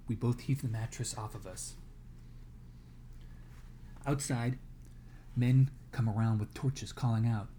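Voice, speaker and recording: A man's voice: mid-range voice, steady tone, slow pace, pauses often, warm tone, a little hiss or hum. A man reading a novel aloud to a class as a guest reader, dramatic and dropping to a whisper in tense moments.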